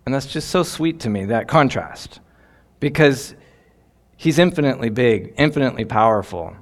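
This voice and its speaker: A man's voice: medium pitch, lively intonation, moderate pace. A man giving devotional Bible teaching in an earnest, reflective way, lingering on key phrases.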